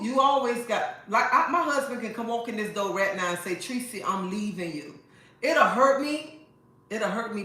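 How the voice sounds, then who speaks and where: A woman's voice: fairly high pitch, sharp tone. A woman giving frank, emphatic advice to her live-stream viewers, repeating lines for effect. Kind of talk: casual advice talk to viewers. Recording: very echoey room.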